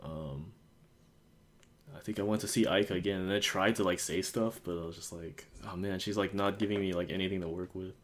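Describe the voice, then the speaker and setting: A young man from the United States chats on a podcast in a fairly low voice. He rambles through his stories with plenty of fillers. He acts out what everyone said. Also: steady tone, fairly quick. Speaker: podcast host. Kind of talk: casual chat.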